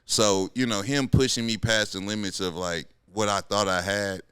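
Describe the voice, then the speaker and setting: Podcast host in his thirties, deep voice, bright tone, laid-back, slangy. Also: steady tone, moderate pace, clean tone, dry recording, studio quality. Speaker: podcast host, former pro football player. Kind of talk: casual podcast chat.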